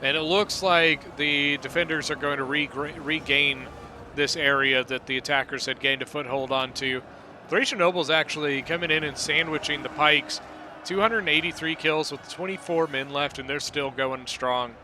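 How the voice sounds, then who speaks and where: A man giving relaxed, rambling play-by-play commentary on a strategy game battle, often correcting himself mid-sentence. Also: on the high side, normal speed, slight background noise. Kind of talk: casual gameplay commentary.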